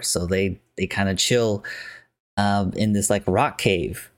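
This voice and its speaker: A man's voice: on the low side, measured pace, dry recording. A man casually retelling a film's plot, chatty and rambling, with many fillers.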